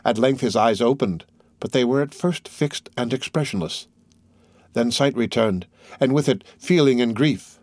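A man's voice: medium pitch, normal speed, no room sound. Man narrating a classic novel. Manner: steady, formal reading. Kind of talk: audiobook narration.

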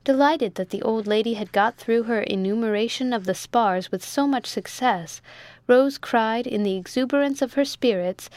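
A woman reading a classic novel aloud in a measured, clear and formal manner. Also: fairly high pitch, a little mellow, no echo. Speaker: narrator. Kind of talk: audiobook narration of a classic novel.

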